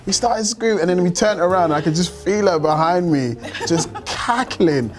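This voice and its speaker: A man with a London accent slowly telling a funny story from a film set. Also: high-pitched, soft background music. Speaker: actor. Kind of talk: casual anecdote.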